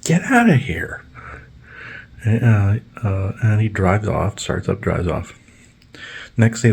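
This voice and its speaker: A podcast host tells long, rambling stories in a blunt, profane style packed with fillers. He has a fairly low, warm, husky voice, and the setting is casual podcast storytelling.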